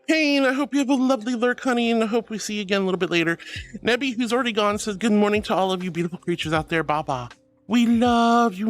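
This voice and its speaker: A young woman streamer chatting playfully with her viewers, giggling often, with faint music behind her. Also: medium pitch. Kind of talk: casual live-stream chat.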